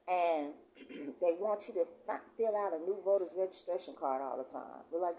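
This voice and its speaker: A woman reading scripture slowly and with emphasis, then adding loose, conversational commentary. She often clears her throat. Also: fairly low pitch, warm tone, lo-fi sound, slight background noise. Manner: reads verses slowly and emphatically, then talks in loose asides. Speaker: prophetess.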